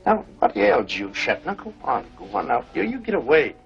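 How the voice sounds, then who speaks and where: An older actor playing a weathered, tender-hearted prospector in an old western, with folksy frontier talk. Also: male voice, medium pitch, sing-song, normal speed, vocal fry. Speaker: gold prospector. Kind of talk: 1950s film acting. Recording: dull old film soundtrack with music.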